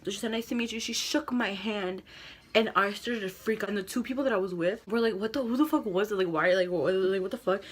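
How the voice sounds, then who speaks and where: A young woman telling a dramatic storytime vlog, animated and full of quoted voices. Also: medium pitch, fast. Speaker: vlogger.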